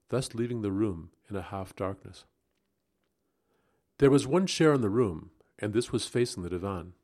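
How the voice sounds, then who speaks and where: Lower-voiced man reading a dark tale. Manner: expressive, rising into agitation at tense moments. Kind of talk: dramatic audiobook narration.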